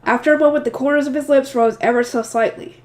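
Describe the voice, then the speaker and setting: Woman fan reader, nasal tone, a bit high, casual asides between passages of a novel. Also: steady tone, quick pace. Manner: chatty, reacts to the story between passages. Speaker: audiobook reader, channel host.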